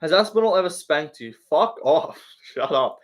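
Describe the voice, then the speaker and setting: Reading viewer comments on a live stream, a young Australian man fires back jokes in loose talk full of slang and swearing. His voice sits a little high for a man, animated and at a moderate pace.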